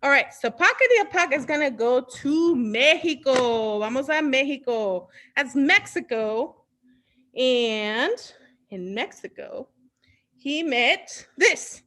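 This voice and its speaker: A woman's voice: high-pitched, expressive, a little slow, pushed and bright. A woman hosting an online children's storytime, cheerfully singing songs and mixing in Spanish words. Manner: cheerful, sings along, mixes in Spanish words. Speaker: library storytime host.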